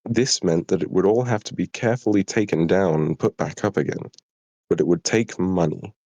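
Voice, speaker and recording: Tired low-voiced British man, southern English accent, live story reading, dry sound. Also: normal speed, a little mellow, no room sound. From Britain. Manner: apologetic, chatty asides. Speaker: streamer reading his own story.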